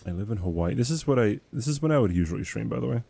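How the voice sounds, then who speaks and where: Gravelly mellow-voiced male streamer. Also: fairly low pitch, expressive, rapid-fire, slight background noise. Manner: rambling, laughs often, self-deprecating. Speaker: livestreamer. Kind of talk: casual chat while gaming.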